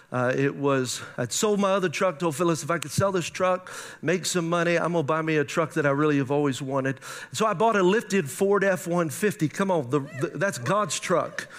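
Middle-aged male pastor, high-pitched, lively sermon storyteller. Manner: storytelling, animated, acts out his own thoughts in quotes.

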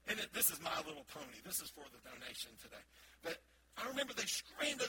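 A middle-aged pastor delivers a sermon in a fairly high voice, telling stories in a playful, animated way. He preaches in a church sanctuary. A loud wash of ambient noise sits behind his voice throughout. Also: brisk, gravelly, pauses often. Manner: playful, animated storytelling with acted-out bits.

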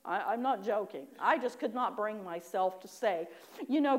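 A woman preaching a personal testimony, animated in her storytelling, acting out her own prayers with laughing asides. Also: mid-range voice, moderate pace, a little hiss or hum. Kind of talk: sermon testimony.

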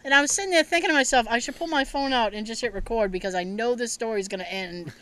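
A woman hosting a podcast, telling a family story in casual chat, animated and swearing freely with frequent laughter. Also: fairly high pitch, fast talker, a little hiss or hum. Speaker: podcast host.

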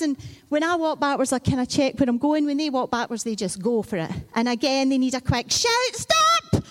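A woman's voice: high voice, a little mellow. A woman preacher giving a sermon in a conversational, storytelling way. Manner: conversational storytelling, acting out children and Bible figures.

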